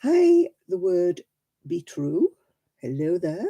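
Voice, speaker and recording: A woman's voice: fairly low pitch, sing-song, takes it slowly, warm tone, low-quality recording. A woman hosting a casual crafting livestream, chatting to viewers by name in a self-deprecating way.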